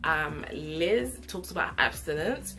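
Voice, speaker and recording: A young woman giving an opinionated, sassy casual review of a reality show, with animated asides. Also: sits low, takes it slowly, over music.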